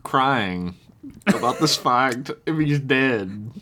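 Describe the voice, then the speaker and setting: A man co-hosting a comedy podcast, tossing in quick wisecracks and laughing. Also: medium pitch, animated, bright, forceful tone. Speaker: podcast co-host. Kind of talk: casual banter.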